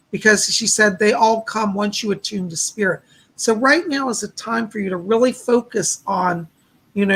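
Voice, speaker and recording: A hoarse man hosts a livestream of psychic readings, his voice worn and husky with a gravelly fry. He reassures each viewer gently and relays spirit messages in a steady, patient way. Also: high voice. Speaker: psychic medium hosting a livestream. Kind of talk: live psychic readings answering chat.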